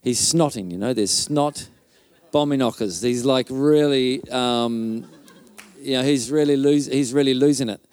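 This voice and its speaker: A man's voice: medium pitch, unhurried, a little mellow, no echo. A male pastor telling a healing story in a conference sermon, loose and chatty, with fillers and restarts and little mouth sound effects.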